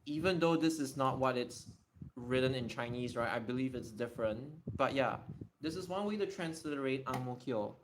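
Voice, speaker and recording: A man with a mid-range voice at normal speed hosts a casual live Q&A explaining Japanese readings. He thinks aloud, repeating and restarting words as he tests them, with background noise in the recording.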